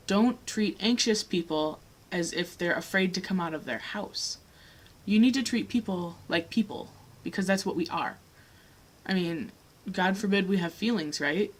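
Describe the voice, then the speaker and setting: A young woman talks frankly to the camera in a personal vlog, earnest and blunt with occasional swearing, getting heated when she makes a point. Her voice is lowish, and the recording quality is low.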